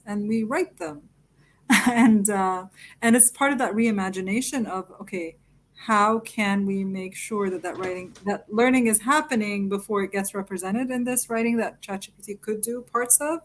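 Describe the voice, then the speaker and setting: Brief: woman panelist on a video call, animated, quick to laugh, mid-pitched voice. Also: rough recording. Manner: animated, laughs often while telling anecdotes. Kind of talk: live webinar panel discussion.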